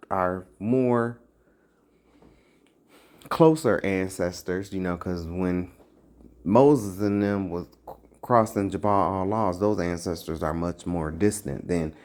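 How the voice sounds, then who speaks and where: Slow, preachy voice swinging widely in pitch. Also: a little mellow. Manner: preachy, rhetorical, scolding, repeats phrases for emphasis; casual slangy speech. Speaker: self-styled religious teacher. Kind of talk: impassioned religious monologue to camera.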